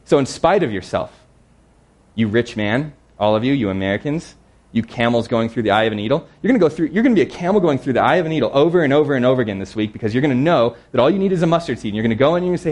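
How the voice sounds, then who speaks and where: A man preaching a sermon in a conversational, earnest way, slowing down to read scripture verses. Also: medium pitch, expressive, darkish tone.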